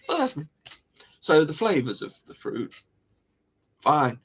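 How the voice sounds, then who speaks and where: Chatty man, rambling, slightly high. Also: very animated, takes it slowly, husky. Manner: rambling, chatty, laughs often, repeats himself. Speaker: livestream host. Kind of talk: casual chat to live viewers.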